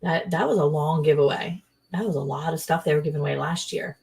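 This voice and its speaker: Woman, lowish voice, chatty, rambling, livestream co-host. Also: fast talker, vocal fry. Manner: chatty, rambling, quotes people in lively voices. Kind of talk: casual livestream chat.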